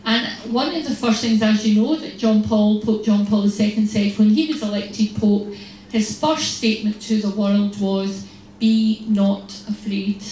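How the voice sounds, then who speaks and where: A religious sister giving a humorous, storytelling talk to an audience, acting out little exchanges. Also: female voice, mid-range voice, steady tone, unhurried, dark tone. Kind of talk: lively faith talk to an audience. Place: large hall. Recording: echoey hall, distant mic, faint noise.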